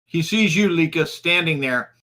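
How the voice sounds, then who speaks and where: A man narrating as game master, halting with many fillers and restarts. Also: a little high, animated, bright, forceful tone.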